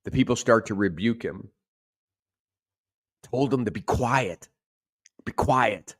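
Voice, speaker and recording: A male pastor preaching a sermon in an animated way, acting out the shouted lines he quotes. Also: medium pitch, slow, long pauses, slightly rough.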